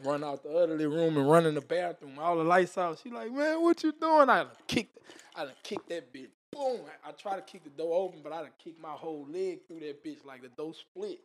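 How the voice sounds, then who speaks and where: A man's voice: a little high, fairly quick, few pauses. A man telling a wild story as a podcast guest, with casual, profane slang and spoken sound effects.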